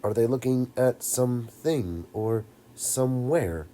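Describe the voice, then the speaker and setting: A man narrating a lesson for children, talking slowly and deliberately and addressing the kids directly. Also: medium pitch, expressive, warm tone, a little hiss or hum. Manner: slow, deliberate, talks straight to kids. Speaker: teacher.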